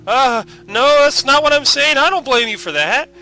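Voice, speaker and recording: Man putting on a high flustered teen girl, stammering, game music underneath. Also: lively intonation, moderate pace, sharp tone, full character voice, poor audio. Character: shy excitable teenage girl protagonist.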